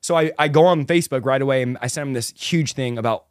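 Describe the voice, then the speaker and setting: A young man excitedly telling a personal conversion story as a podcast guest. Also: mid-range voice, no room sound, studio quality. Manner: fast, excitable, animated retelling. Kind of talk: testimony storytelling.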